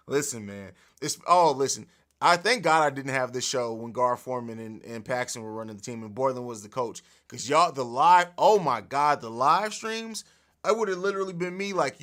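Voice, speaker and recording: A man hosting a casual sports podcast livestream from a home studio, animated and profane, laughing often, recorded on an overhead mic. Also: medium pitch, brisk. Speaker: podcast host.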